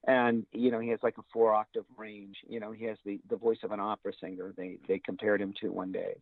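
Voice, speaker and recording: A man's voice: on the low side, level tone, fast talker, dry recording. A man, a voice actor guest, talking casually in an interview, rambling with many fillers and restarts. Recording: tinny dry phone line.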